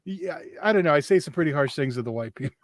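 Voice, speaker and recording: A man's voice: fairly high pitch, animated, fast talker. A man co-hosting a casual podcast about the awards season, blunt and profane, keeping the others on track. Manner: blunt, profane, bossy about running the show. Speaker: podcast co-host. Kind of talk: casual chat.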